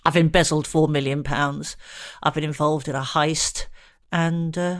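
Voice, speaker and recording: A woman's voice: low-pitched, steady tone, a little slow. A woman co-hosting a comedy podcast, dry and teasing in casual chat.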